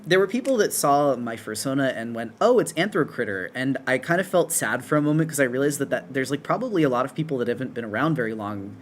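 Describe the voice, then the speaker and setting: A man of ordinary, middle pitch talks casually on a live stream while he draws. He rambles and corrects himself as he goes, chatty and loose. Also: expressive, quick pace, few pauses, slight background noise. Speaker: streamer and artist.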